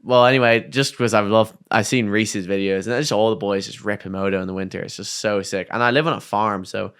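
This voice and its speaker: A young Irish man spins a casual story as a podcast guest, sprinkling his talk with slang and swearing. His voice sits low and comes across smooth and clear. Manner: animated, swears freely, slangy anecdote telling. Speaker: podcast guest, downhill mountain bike racer.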